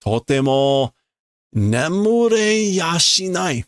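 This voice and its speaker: A man's voice: a little high, big pitch swings, dry recording, studio quality, pitched above the performer's own voice, exaggerated voice. A man reading in a raised, fretful young boy's voice. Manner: slow, careful reading of the lines.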